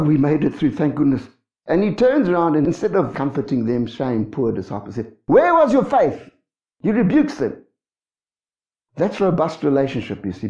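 A man's voice: a little high, muffled recording. Guy preaching a sermon, swoops up and down a lot, keeps asking the church questions, echoey. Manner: animated, acts out quoted voices, asks the congregation questions. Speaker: pastor.

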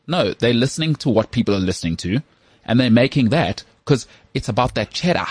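A South African man co-hosting a sports podcast who works as a voice artist, talking in an animated, opinionated way. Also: mid-range voice, fairly quick, no room sound. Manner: animated, opinionated, mimics accents. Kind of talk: casual chat.

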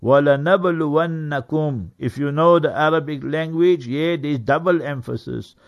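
In a radio studio, a South African man gives a religious talk on Quran verses, teaching in a preacher-like style. His somewhat raised voice is creaky, and he speaks earnestly, leaning on key words for emphasis. Now and then he breaks into quick Arabic recitation.

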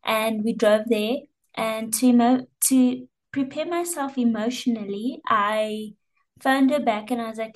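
A woman's voice: a little high, measured pace, poor audio. A young woman, a guest, telling a personal story in a candid, emotional way. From South Africa. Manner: emotional, candid, repeats words and fillers.

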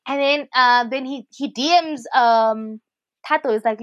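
A South African woman co-hosting a podcast, telling stories in a chatty, animated way with lots of fillers. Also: high voice, a little slow, no room sound, dull audio. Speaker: podcast co-host. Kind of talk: casual chat.

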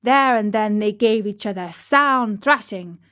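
A woman narrating a children's storybook in a measured, expressive way. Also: medium pitch.

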